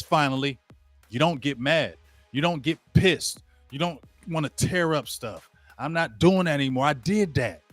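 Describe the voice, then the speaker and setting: A man's voice: fairly high pitch, a bit bright, no echo. Slangy man ranting straight at viewers. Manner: ranting, addresses viewers directly; casual slangy talk. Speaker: sports show host. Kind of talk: live play-by-play rant while watching a game.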